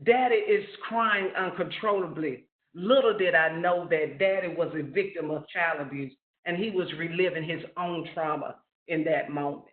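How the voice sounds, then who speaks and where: A man telling a personal family story in an earnest, storytelling way on a webinar call. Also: a little high. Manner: slow, earnest storytelling with rising questions. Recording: roomy, phone-like lo-fi webinar audio.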